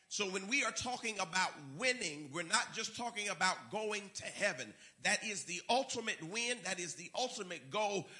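A man's voice: high voice, sharp tone. A man preaching a sermon, emphatic and repeating key words for effect. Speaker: pastor.

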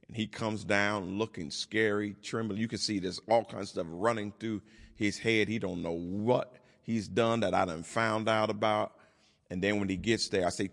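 A man preaching a sermon in a low, emphatic voice. His words ring out with a long hall reverb. He acts out the voices of the people he quotes. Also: normal speed, vocal fry, a bit bright. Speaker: pastor.

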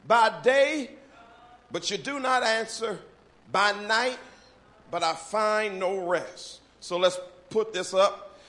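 High-voiced shouting preacher, twang. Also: male voice. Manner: preaching with rising shouts and sung phrases. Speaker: pastor. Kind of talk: sermon. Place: church sanctuary.

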